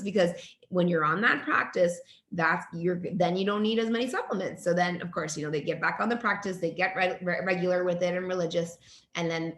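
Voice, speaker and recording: A woman's voice: lowish voice, fairly bright tone, roomy sound. A woman in her forties, a naturopathic doctor and guest, talking with enthusiasm in an interview and often restarting her sentences. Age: 40s. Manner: enthusiastic, talkative, frequent restarts and laughs. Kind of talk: conversational interview.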